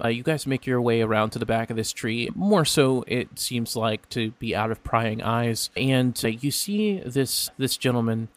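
A man narrating a tabletop game as game master, with hesitant restarts. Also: medium pitch.

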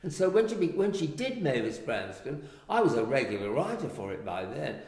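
An older man from England, a writer and actor, telling animated anecdotes and acting out the voices he quotes. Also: medium pitch, fairly quick. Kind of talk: anecdotal storytelling. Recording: echoey room with long reverb.

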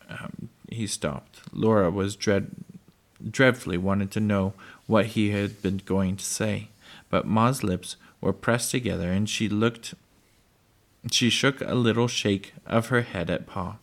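A man reading a chapter book aloud to his children at bedtime, unhurried, with occasional slips and restarts. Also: lowish voice, fairly even intonation.

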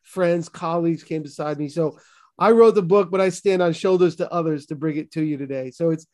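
Earnest pastor with a Boston accent. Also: male voice, on the high side, brisk, a little mellow. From Massachusetts. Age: 50s. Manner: earnest, emphatic, with restarts. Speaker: pastor and author. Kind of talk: interview guest testimony.

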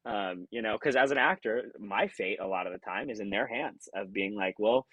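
A man with a low, somewhat husky voice speaks as a podcast guest, earnest and reflective. Every so often he acts out remembered thoughts with sudden leaps in pitch. The sound is dry and close, with no room around it. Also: moderate pace, hardly any pauses, a bit bright, dry recording, rough recording. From California. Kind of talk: conversational interview.

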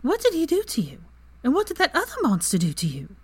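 In a fan story reading, a woman gives voice to a fierce, clever young witch, going higher and louder than her narration. She delivers it in a sing-song way, a little fast.

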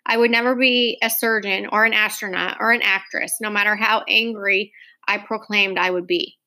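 A woman's voice: medium pitch, fairly even intonation, moderate pace, bright, forceful tone. A woman narrating a novel in the first person as a sulky young girl. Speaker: audiobook narrator. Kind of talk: scripted narration.

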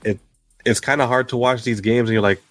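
A man's voice: medium pitch, steady tone, brisk, dry recording, faint music behind. A man co-hosting a sports podcast, chatting casually and joking with laughs. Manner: joking, laughs between lines. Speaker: podcast co-host.

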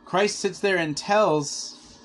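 A man's voice: high voice, takes it slowly, slight background noise. A man preaching a conversational sermon, earnestly retelling a scripture story with quoted asides.

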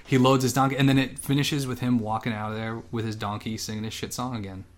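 A man in casual podcast chat, recapping a film in a loose, profane way. He keeps dropping into quick acted-out quotes of the characters, at an ordinary middle pitch. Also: level tone. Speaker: podcast co-host.

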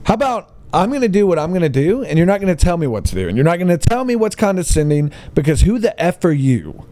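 A man vents in a heated vlog monologue, throwing in plenty of sarcasm. His voice sits a bit high and swings widely as he hammers home each point. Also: very animated, quick pace, warm tone. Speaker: vlogger. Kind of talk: ranting monologue to camera.

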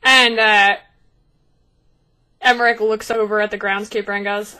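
A woman narrating as game master of a tabletop game, lively and descriptive. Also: medium pitch, measured pace, long pauses, clean tone.

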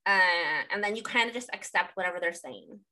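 A woman's voice: fairly low pitch, brisk, pushed and bright, poor audio. A young woman co-hosting a podcast in casual chat, blunt and profane, full of fillers. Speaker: podcast co-host.

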